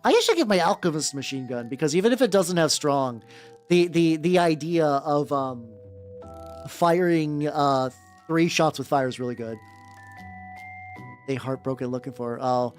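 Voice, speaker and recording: Painting miniatures on stream, a man with a voice on the high side chats casually with his viewers at a moderate pace, animated throughout. He rambles, repeats words and swears. Faint music plays in the background.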